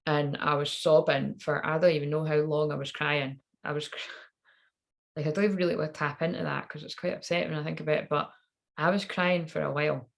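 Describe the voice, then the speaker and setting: A woman's voice: deep voice, flat delivery, fairly quick, gravelly. A woman in her thirties, a tarot reader, telling a candid personal story in a rambling, swearing way.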